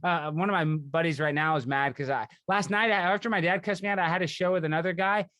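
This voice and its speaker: A man's voice: fairly high pitch, dry recording, clean studio sound. A man hosting a podcast in casual chat, rambling with frequent restarts. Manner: rambling, restarts often, fast excitable talk. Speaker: podcast host.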